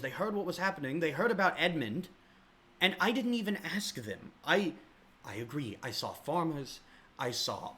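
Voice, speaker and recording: A man's voice: fairly high pitch, a bit bright. A man voicing a weary warden who defends his recruits in a hesitant, stammering way.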